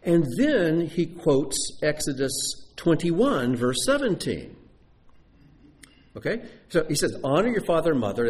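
A man preaching a sermon to his congregation, animated and talking straight to them with questions. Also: on the high side. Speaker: pastor. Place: sanctuary before a congregation.

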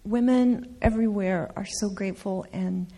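A woman speaking after a trip gives her congregation an earnest, heartfelt testimony, driving her points home by repeating them emphatically. Her mid-range voice is warm and steady, at a moderate pace.

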